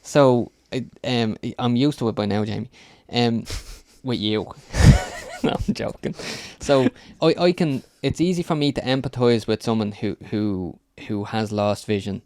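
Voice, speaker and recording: A man's voice: mid-range voice, measured pace, hardly any pauses, a little mellow, no echo, studio quality. A man talking on a podcast, earnest and rambling, with many ums as he feels his way through a point. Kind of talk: casual podcast chat.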